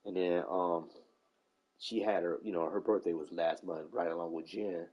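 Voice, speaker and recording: Husky, warm-toned man in his 40s, casual chat host, lively profane storyteller. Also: low voice, moderate pace, highs cut off. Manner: animated storyteller, profane, acts out quoted people.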